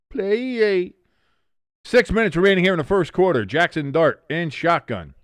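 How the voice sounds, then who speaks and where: A man streaming a casual watch-along, calling the plays live and reading chat aloud, who gets loud and stunned at big plays. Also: a little high, normal speed, dry recording. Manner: excitable, shouts in disbelief at big plays, reads chat aloud. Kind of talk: casual live play-by-play commentary.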